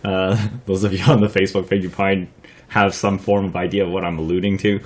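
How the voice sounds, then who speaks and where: A man's voice: sits low, little pitch movement, fast talker. A young man hosting a casual vlog, telling a story with frequent laughter, swearing and lots of fillers. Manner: laughs often while talking, swears freely; rambling, filler-heavy delivery. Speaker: vlogger.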